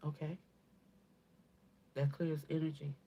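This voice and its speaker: A woman's voice: sits low, little pitch movement, slow pace, mellow, husky. A woman giving a channeled spiritual reading to her viewers, talking casually and bluntly, swearing, calling listeners baby and often asking "okay?". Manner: emphatic, repeats and asks "okay?". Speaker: spiritual reader.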